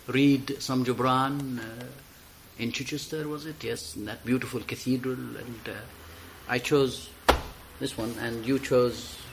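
Man, poetry reader; expressive delivery, lively pitch, unhurried pace. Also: creaky, slight background noise. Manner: slow, rising to loud high emphatic peaks.

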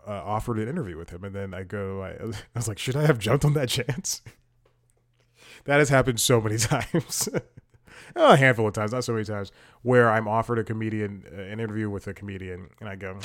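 A man hosting a casual podcast, talking in long, digressive stories and laughing at himself. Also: lowish voice. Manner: rambling, digressive, self-amused. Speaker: podcast host. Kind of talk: casual talk-show commentary.

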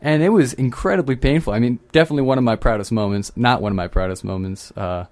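A man's voice: medium pitch, fast talker, darkish tone. Give me a young man casually chatting on a podcast, laughing as he tells a story. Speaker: podcast co-host. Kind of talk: casual chat.

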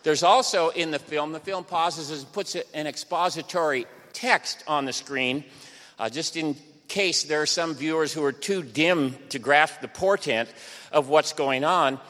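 A man's voice: on the high side, unhurried, a bit bright. Wry older man lecturing in a hall. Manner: wry, sardonic asides. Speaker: history lecturer. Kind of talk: university lecture. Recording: long hall reverb.

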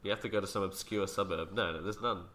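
A man co-hosting a podcast, chatty and quick to argue details. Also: low voice, fairly even intonation, bright, forceful tone, slight background noise. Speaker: podcast co-host. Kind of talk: casual chat.

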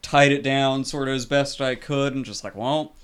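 A man's voice: medium pitch, fairly even intonation, normal speed, a bit bright, clear, resonant tone. Laid-back man rambling through a story. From California. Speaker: podcast co-host. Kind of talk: casual podcast chat.

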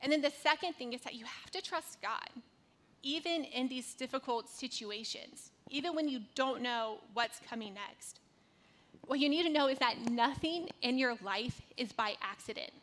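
A woman's voice: high voice, normal speed, fairly bright tone. A woman in her thirties from North Carolina giving a conversational devotional talk, telling a personal story with casual fillers.

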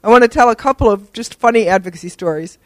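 A woman's voice: fairly high pitch, animated, fast, no room sound, rough recording. An older woman giving an award acceptance speech, telling self-deprecating, humorous anecdotes with fillers. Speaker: award recipient and disability advocate.

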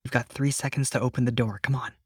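A man's voice: mid-range voice, steady tone, quick pace, a little mellow, husky, dry recording, clean studio sound, close to an everyday voice. A man voicing an anxious young female dragon-shifter hero in a tabletop game, stammering and pleading. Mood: pushy. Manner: stammering, pleading then threatening. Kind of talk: voicing a character in an actual-play game.

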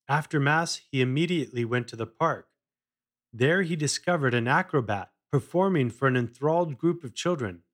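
A man narrating a children's story in a measured read-aloud style. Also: mid-range voice, a bit bright.

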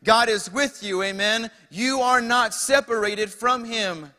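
A young male pastor preaching in a church with a long hall echo around him. His voice sits high and ringing, and he takes his time, pausing often and checking in with the congregation. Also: pushed and bright. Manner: preaching with call-outs to the congregation. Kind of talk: sermon.

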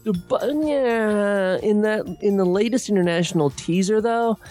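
A man's voice: high-pitched, moderate pace, darkish tone, soft background music. A man co-hosting a casual podcast chat, opinionated and ranty, often repeating his words. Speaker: podcast co-host.

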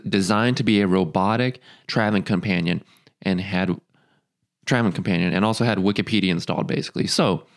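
A male podcast host chats casually, mocking his subject with frequent swearing and bursts of laughter. He fills gaps with ums and uhs. His voice sits a bit low. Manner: profane, joking, laughs often, lots of ums.

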